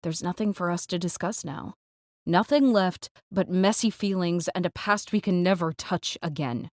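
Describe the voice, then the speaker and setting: A woman reads a first-person audiobook in a measured, clipped way with tension under the lines. Her voice is on the lower side. The sound is close and dry, with no room echo. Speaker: audiobook narrator. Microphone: close studio mic.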